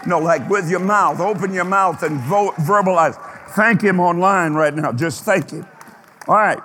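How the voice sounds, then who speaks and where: Lively high-voiced male preacher, reverberant hall. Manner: emphatic, drawn-out phrases, questions to the congregation. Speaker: pastor. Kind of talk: preaching a sermon. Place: church sanctuary.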